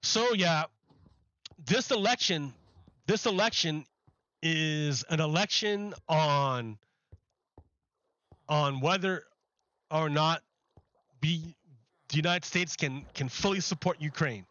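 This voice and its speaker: Man, high bright voice, rambling political streamer, dry and slightly dull mic. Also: takes it slowly, pauses often, dry recording. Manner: rambling, repeats words, mocking put-on quotes. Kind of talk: live-streamed political commentary.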